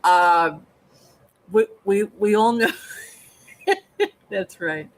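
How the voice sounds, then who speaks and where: A man's voice: high voice, big pitch swings, very slow, rough recording. A man co-hosting a live film review, explaining his ideas patiently like a therapist and checking in with "okay?" as he talks. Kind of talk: live casual review chat.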